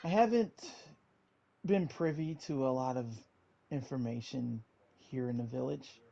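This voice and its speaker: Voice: medium pitch, expressive, a little slow, vocal fry, dark tone, highs cut off, slight background noise. A game master narrating a tabletop game, switching between narration and character lines.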